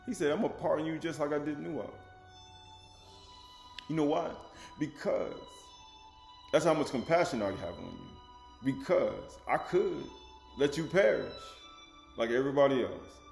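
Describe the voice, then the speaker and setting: A man's voice: fairly high pitch, lively intonation, normal speed, vocal fry, pauses often, a little mellow, roomy sound, soft background music. A man teaching a sermon, with rising emphasis, rhetorical questions and casual speech, acting out quoted speakers. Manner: colloquial, acts out quoted speakers.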